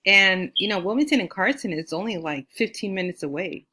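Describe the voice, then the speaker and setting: A woman's voice: lively intonation, brisk, bright, forceful tone. A woman from California, an astrologer, telling a personal story in a loose, chatty way, full of fillers and acted-out quotes. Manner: chatty, with many fillers like "you know"; acts out quoted lines in a higher voice.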